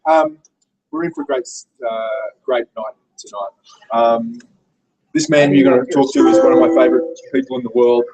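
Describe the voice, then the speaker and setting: A man's voice: medium pitch, steady tone, moderate pace, dull audio, over loud music. A man with an Australian accent hosting a business meeting, chatty and self-deprecating as he introduces the next speaker to the room.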